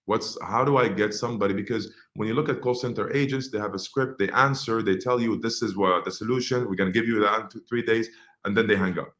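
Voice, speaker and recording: A man's voice: fairly low pitch, fast talker, a bit bright. A man from Egypt speaking in a business webinar, conversational, with frequent fillers and restarts. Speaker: webinar speaker on social media marketing.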